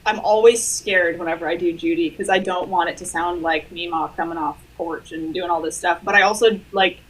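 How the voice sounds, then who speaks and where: A woman from the Pacific Northwest, self-deprecating and quick, chatting on a group live stream. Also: on the low side, steady tone, slightly rough, poor audio. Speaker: TikTok creator and voice actor.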